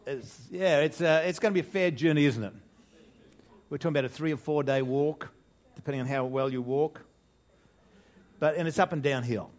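An older man delivers a sermon to his church in a relaxed, conversational way. His voice sits a little high for a man. He repeats himself, starts phrases over, and keeps turning to the congregation with rhetorical questions. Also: moderate pace, long pauses. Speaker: preacher.

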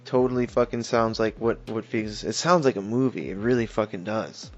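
A man's voice: fairly low pitch, a little fast. Male podcast host, casual and profane, reads articles aloud; dull lo-fi mic, faint music bed. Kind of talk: casual true-crime podcast chat.

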